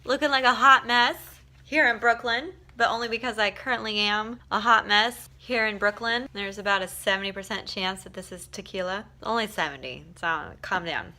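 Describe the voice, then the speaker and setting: Young female vlogger, worn out and loose-tongued, bright forceful voice, casual to-camera chat. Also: medium pitch, normal speed. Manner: loose, laughing, swears freely. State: exhausted.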